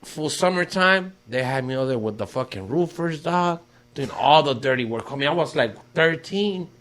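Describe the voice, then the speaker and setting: A man's voice: fairly high pitch, expressive, normal speed, a bit bright. A man trading crude stories in casual chat, slangy and laughing often, mixing Spanish phrases into his English. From Mexican-American.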